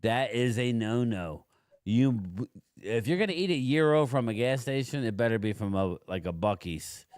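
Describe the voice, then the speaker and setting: A man's voice: medium pitch, expressive, moderate pace, darkish tone, no room sound, clean studio sound. A man hosting a casual livestream chat, rambling and laid-back as he tells stories. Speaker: livestream host.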